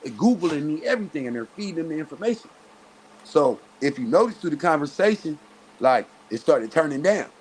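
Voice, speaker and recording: Animated man with a raised pitch telling a story. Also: brisk, a little hiss or hum. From Southern California. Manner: animated, profane, acts out quoted voices. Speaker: interview guest. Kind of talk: casual storytelling.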